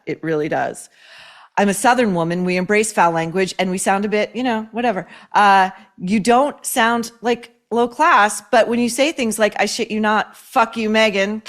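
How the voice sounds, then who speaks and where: A woman hosting a show, reading viewer mail and advice letters aloud and reacting with blunt, sarcastic commentary full of swearing. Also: medium pitch. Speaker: host.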